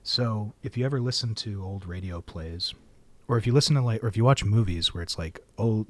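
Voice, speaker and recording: A man's voice: on the low side, brisk, dry recording. A man streaming a game, rambling wryly to fill dead air into a studio microphone. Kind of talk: casual livestream chat. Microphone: studio mic.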